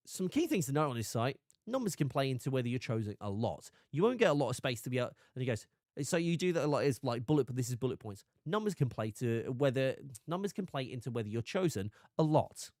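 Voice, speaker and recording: Animated man chatting on stream. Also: mid-range voice, brisk, dry recording, studio quality. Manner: animated, restarts often, laughs a lot. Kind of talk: casual live stream chat.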